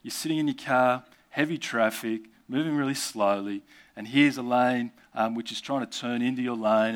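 Male preacher, mid-pitched, casual asides, keeps asking the congregation questions. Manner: rhetorical questions with conversational asides. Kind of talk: sermon.

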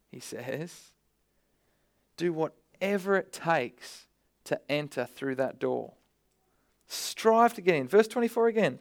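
A man's voice: fairly high pitch, vocal fry. A man preaching a sermon, conversational with bursts of energy, often repeating words.

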